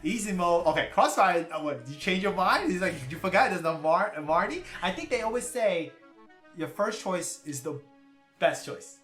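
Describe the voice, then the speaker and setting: A man hosts a relaxed livestream, reading viewer comments aloud and thanking people by name, laughing often as he goes. His voice sits in a roomy space with faint music playing underneath. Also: sits high, normal speed. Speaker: livestream host. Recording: roomy with stream music behind.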